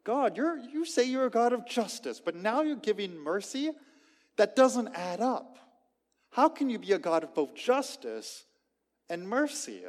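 A man's voice: sits high, big pitch swings, unhurried, voice pushed up, exaggerated voice. A man voicing an indignant male prophet protesting to God in a raised, outraged voice. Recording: long reverb of a large hall.

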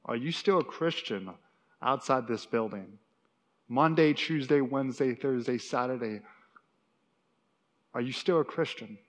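A man's voice: medium pitch, measured pace, pauses often. Preaching man in a reverberant church. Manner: animated, acts out quotes, many restarts. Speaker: pastor. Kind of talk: sermon. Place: church sanctuary. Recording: long reverb in a hall.

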